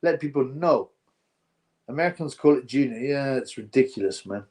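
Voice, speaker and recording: A man hosting a live stream, chatting to viewers and reacting excitably to a fight. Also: medium pitch, moderate pace. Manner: chatty, excitable, slangy, talks to chat viewers.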